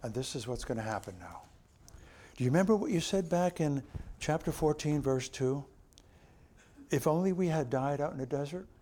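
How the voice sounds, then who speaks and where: A man voicing God as a stern male deity pronouncing judgment, in a slow, solemn, lowered voice. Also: lively intonation, warm tone.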